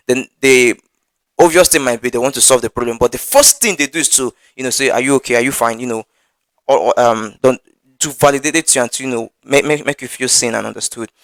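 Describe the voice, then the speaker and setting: Male preacher, earnest teaching delivery, heavy stammer and repeats, mid pitch, dry close sound. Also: a bit bright, no room sound, low-quality recording. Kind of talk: Bible teaching.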